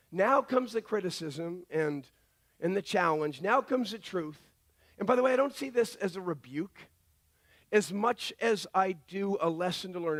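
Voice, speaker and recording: In his sermon, this middle-aged male pastor speaks in a high pitch, bringing his stories to life by performing the voices of their characters.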